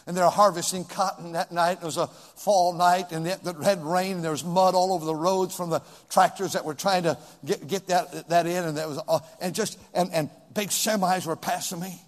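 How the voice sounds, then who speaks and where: Dramatic high-voiced male preacher, echoing church. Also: steady tone, normal speed, few pauses. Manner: dramatic, swings from shouting to hushed whispers. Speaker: pastor. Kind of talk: preaching sermon.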